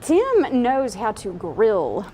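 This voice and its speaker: A woman's voice: fairly high pitch, huge pitch swings, over a noisy crowd. Amused woman co-hosting local TV. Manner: amused, quick retorts. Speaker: local TV co-host. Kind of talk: casual studio chat.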